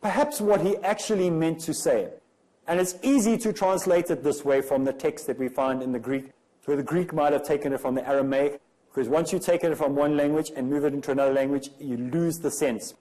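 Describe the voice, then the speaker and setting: A man's voice: fairly high pitch, fairly quick, mellow, poor audio. Man lecturing with rhetorical questions. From South Africa. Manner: rhetorical, emphatic, many questions. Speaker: religious lecturer. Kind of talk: comparative religion lecture.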